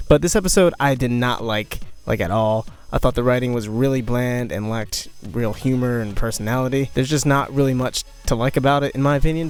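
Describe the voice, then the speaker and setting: Young guy rattling off a cartoon review, chatty and opinionated, quiet music under him. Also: medium pitch. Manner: opinionated, conversational, jokey asides. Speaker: cartoon reviewer, channel host. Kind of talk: casual spoken review.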